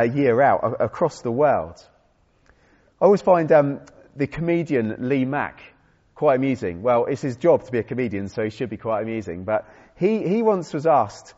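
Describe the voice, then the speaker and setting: A man with a mid-range, darkish voice preaches a conversational sermon full of self-deprecating humor and frequent restarts. The recording sounds dull and sits in a reverberant hall.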